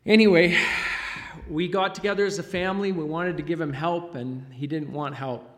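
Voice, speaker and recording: A man's voice: on the high side, fairly even intonation, a bit bright. Choked-up father's testimony in echoing hall. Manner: halting, choked up, frequent pauses and fillers. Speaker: father giving a testimony in church. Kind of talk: emotional church testimony. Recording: long reverb of a large hall.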